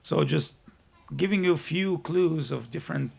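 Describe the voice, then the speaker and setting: A man's voice: a little high, normal speed, vocal fry, darkish tone, slightly rough. A man giving a devotional lecture at an ashram, telling scripture stories with quoted dialogue in non-native phrasing. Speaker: spiritual teacher. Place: ashram hall.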